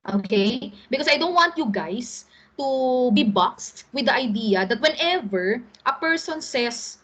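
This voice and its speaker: A middle-aged woman teacher with a Filipino accent, her voice a little husky and pitched fairly high. She lectures patiently to an online class, pausing often to check that her students follow. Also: fairly bright tone, poor audio. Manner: explains patiently, often checks in with "all right?".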